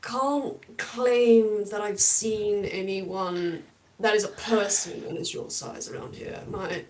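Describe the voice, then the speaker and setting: A woman's voice: mid-range voice, steady tone, slow, a little mellow, recorded from a distance, slight background noise, close to an everyday voice. A woman voicing a grumpy, flustered male hoarder who hesitates and swears a lot. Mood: hesitant.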